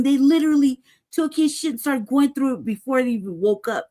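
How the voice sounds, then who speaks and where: A high-pitched, mellow-voiced woman rattles off an angry story a little fast, barely pausing, with lively intonation. Her casual talk is full of profanity and emphasis, with "right?" and "cuz" tagged on again and again.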